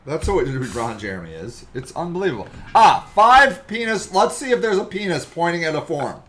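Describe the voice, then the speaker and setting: Excitable man with a lively, high voice. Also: normal speed. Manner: loud, excitable, mocking, jumps into silly voices. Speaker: podcast host. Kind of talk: comedic podcast chat reading a web article aloud.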